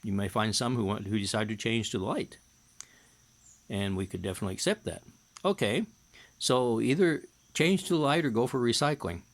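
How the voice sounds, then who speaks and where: A man's voice: mid-range voice, normal speed. A middle-aged man, a hypnotherapist, telling a personal story in a casual, matter-of-fact way while reading and translating from his notes.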